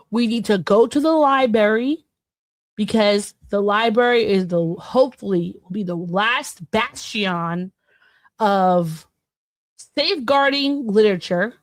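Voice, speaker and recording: A woman's voice: mid-range voice, no echo. A woman co-hosting a podcast, speaking earnestly and emphatically, repeating words for weight. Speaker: podcast co-host. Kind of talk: casual podcast discussion.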